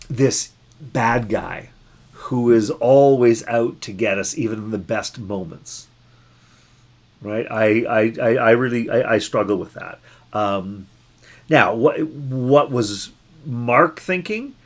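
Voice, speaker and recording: A man, a pastor, giving a daily Bible reflection in an unhurried, musing way, often restarting and repeating words as he thinks. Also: medium pitch.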